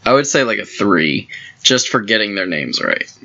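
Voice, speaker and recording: A man chats in an unhurried way, teasing and laughing between his words. His voice is bright and sharp, with a pitch that swings widely. The recording sounds slightly muffled and lo-fi. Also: sing-song, gravelly. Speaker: vlogger's husband. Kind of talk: casual chat.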